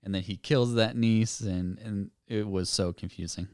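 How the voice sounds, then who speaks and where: A man co-hosting a spooky-themed podcast, chatting casually and wandering through his thoughts with small restarts. His voice sits a little low and sounds smooth and clear. The close mic gives a dry sound with no room around it. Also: normal speed, no room sound. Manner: relaxed, meandering, hesitant with restarts. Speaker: podcast co-host. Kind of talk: casual chat.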